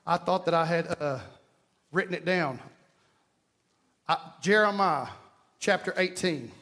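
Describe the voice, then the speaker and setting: A man's voice: a little high, unhurried, sharp tone. A man with an East Texas accent preaching a sermon as pastor, emphatic and folksy, repeating key lines and telling jokes. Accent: Southern US, East Texas.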